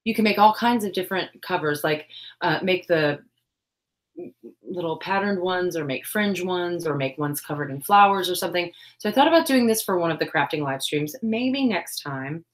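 A woman's voice: on the low side, expressive, normal speed. Chatty woman hosting a craft stream. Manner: chatty, self-deprecating, reads chat aloud. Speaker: crafting livestream host. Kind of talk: casual livestream chat. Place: home craft room.

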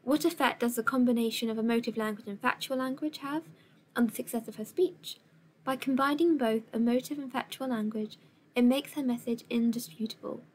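In this recorded lesson, a female teacher with a somewhat high voice lays out instructions calmly and clearly. Faint hiss runs underneath.

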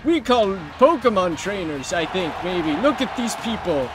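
A man voicing a self-important businessman who narrates in boastful, halting broken English. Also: sits high, sing-song, music in the background. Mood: pompous.

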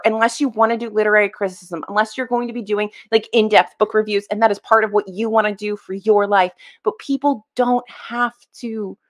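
A young woman giving casual, exasperated reaction commentary on a video clip, emphatic and blunt. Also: fairly high pitch. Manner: exasperated, emphatic, swears and laughs.

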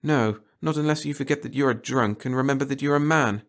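A man's voice: mid-range voice, fairly quick, voice pushed up, close to an everyday voice. A man doing a cold, efficient woman agent. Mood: cool, scolding. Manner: crisp, cutting, unsentimental. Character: cool efficient female agent, sharp-tongued.

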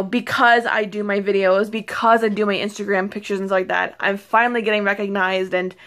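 A young woman beauty vlogger chatting casually to camera, excitable and rambling, full of fillers and restarts. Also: medium pitch. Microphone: phone or camera mic.

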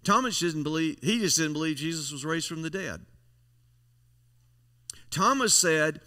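A man's voice: a little high, lively intonation, a little slow, pauses often, sharp tone. A male pastor preaching a folksy, emphatic sermon, leaning on repeated phrases. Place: church sanctuary. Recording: long church hall reverb.

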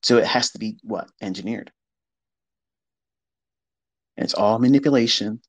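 A man's voice: fairly low pitch, moderate pace, rough recording. Blunt, cursing male market talker. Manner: blunt and profane, mocking the doubters he quotes. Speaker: trading educator hosting an audio space. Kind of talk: casual monologue. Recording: audio chat stream.

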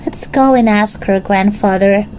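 A woman's voice: medium pitch, unhurried, darkish tone, a little hiss or hum, pitched above the performer's own voice, natural voice. A woman voicing an eager, pleading young boy in a read-aloud storybook. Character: small eager boy Benny.

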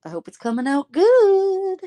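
A woman's voice: very high voice, huge pitch swings, a little slow, dark tone. A woman hosting a casual live stream, chatting affectionately with friends and laughing often.

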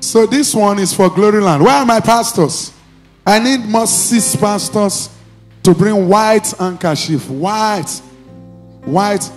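A pastor with a Nigerian accent preaches and leads deliverance prayer in a church, his high voice commanding as he repeats short phrases and now and then breaks into shouts. He takes his time, and soft music plays in the background.

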